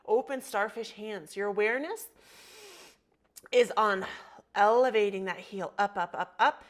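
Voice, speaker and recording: A woman's voice: on the high side, fairly bright tone. A woman teaching a yoga class, cueing poses and breath with encouraging, motivational talk and spoken affirmations. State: slight frog in her throat. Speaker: yoga instructor. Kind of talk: guided yoga class instruction.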